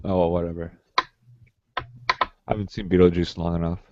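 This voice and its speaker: Man, podcast co-host, playful, lowish voice, dull dry recording. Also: flat delivery, fairly quick, a little hiss or hum. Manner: playful, teasing. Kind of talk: casual chat.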